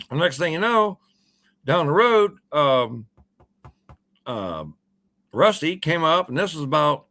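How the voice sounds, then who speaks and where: On a radio show, a man in his sixties casually rambles through a long, folksy story full of uhs and ums. He sounds gravelly and a bit bright, his voice sitting on the high side.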